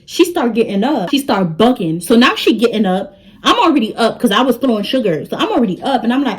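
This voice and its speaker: A young woman telling a story to her vlog audience in an animated way. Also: fairly high pitch, quick pace, poor audio. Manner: animated, talks straight to the audience. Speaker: vlogger.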